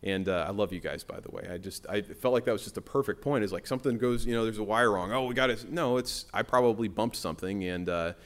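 A man's voice: lowish voice, fast, hardly any pauses. A man preaching a sermon in a church, in a conversational way with frequent restarts. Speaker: pastor.

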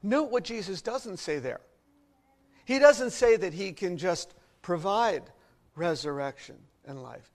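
A man with a high voice delivers a sermon. He preaches expressively and lets his volume rise to emphatic peaks, then drop to near-hushed passages. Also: unhurried. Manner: expressive preaching with wide swings in loudness. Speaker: pastor.

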